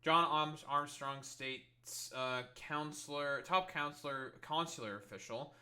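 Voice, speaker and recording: Sharp-voiced sarcastic young man streaming. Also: on the high side, unhurried. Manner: profane, sarcastic and incredulous. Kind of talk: livestream reaction commentary.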